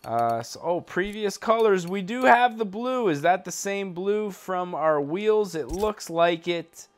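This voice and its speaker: A young man from Canada talks through a car build and a drive in a loose, rambling way, joking as he goes and leaning on lots of fillers. His voice sits a little higher than most men's. The sound is close and simple, like a desk mic in a home gaming setup. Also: expressive, slow. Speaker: gaming channel host. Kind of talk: casual gameplay commentary.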